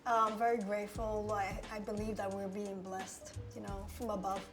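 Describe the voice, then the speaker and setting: A woman who owns a restaurant, talking in a casual interview in an emotional, grateful way, with quick yeses and agreements. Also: medium pitch, level tone. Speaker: restaurant owner. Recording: music bed under the talk. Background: background music.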